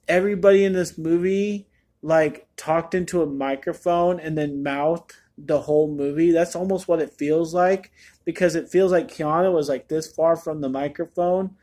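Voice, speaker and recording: Male reviewer, somewhat high voice, off-the-cuff and rambling, lots of fillers. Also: unhurried, darkish tone. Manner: candid, rambling, with many fillers. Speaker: movie reviewer. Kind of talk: casual spoken review.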